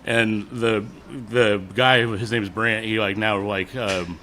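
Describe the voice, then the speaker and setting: A man's voice: on the low side, fairly even intonation, slow pace, pushed and bright, slight background noise. A man in his forties, a musician guest, chatting casually with many fillers and frequent laughs. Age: 40s. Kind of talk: casual interview chat.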